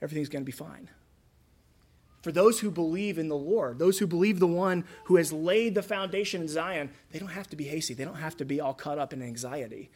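A man's voice: a little high, fairly quick, hardly any pauses, a little mellow. A man preaching a sermon in a conversational way, acting out the voices he quotes. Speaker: pastor.

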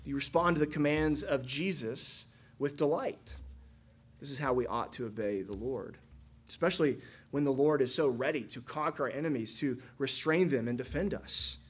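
A man's voice: medium pitch, normal speed, husky. A man, a pastor, preaching a sermon with energy and frequent rhetorical questions.

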